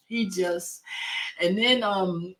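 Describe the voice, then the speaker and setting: A woman hosting a podcast about grief, speaking in a heartfelt, emotional way, often repeating words and pausing with fillers. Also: fairly low pitch, fairly bright tone. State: grieving, emotional. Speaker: podcast host. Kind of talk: personal talk on grief.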